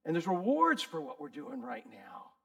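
A middle-aged man preaches a conversational sermon, addressing listeners by name and building to loud emphasis. His voice is high and very animated, at a moderate pace.

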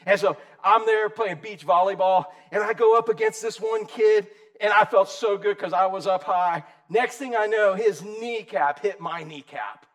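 A man in his sixties preaching a casual, lively sermon, calling listeners dude and bro. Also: high-pitched, normal speed, hardly any pauses. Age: 60s. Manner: animated, slangy, calls the audience dude and bro. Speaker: pastor.

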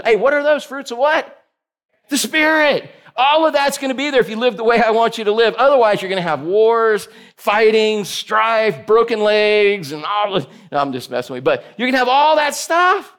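A man's voice: very high-pitched, moderate pace, a bit bright. A man preaching a casual, joking sermon to a small group, teasing listeners by name. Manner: jokey, teasing listeners by name, playful asides. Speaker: pastor.

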